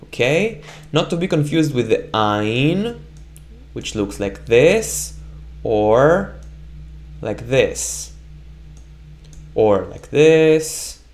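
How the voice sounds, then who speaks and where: Male language teacher, unhurried delivery, expressive rise and fall, repeats sounds for learners to echo. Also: mid-range voice. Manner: repeats sounds slowly for the learner to echo, often checks with "right?". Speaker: Hebrew teacher. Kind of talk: slow, patient language lesson.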